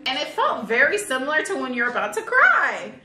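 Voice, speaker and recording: A young woman co-hosting a couple's vlog, telling a personal story in a lively way and acting out what she said to herself. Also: sits high, brisk. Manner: animated, acts out her own inner dialogue, many fillers. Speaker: co-host of a couple's channel. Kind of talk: casual storytelling chat. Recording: echoey room with faint music.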